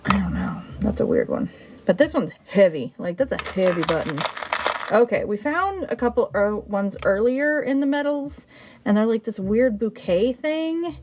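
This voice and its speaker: A woman chatting casually on a livestream as she sorts her buttons, excitable and talking to them as she goes. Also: on the high side, moderate pace, slight background noise. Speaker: button seller sorting her finds on a livestream. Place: indoor room.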